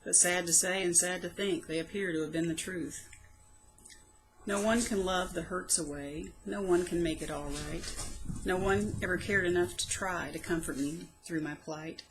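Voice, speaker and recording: A woman reading her own poems aloud, soft, slow and reflective, with plain spoken asides between them. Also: on the low side, steady tone, slight background noise, poor audio. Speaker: poetry reader.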